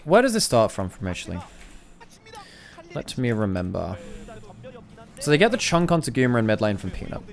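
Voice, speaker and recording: A man gives a casual, thinking-aloud review of a recorded esports match, restarting phrases as he breaks down the plays. His voice is medium-pitched.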